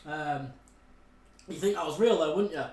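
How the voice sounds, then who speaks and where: A man tells blunt anecdotes in casual live-stream chat. His voice sits slightly higher than most men's. The room adds a strong echo. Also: normal speed, over a noisy crowd. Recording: echoey room.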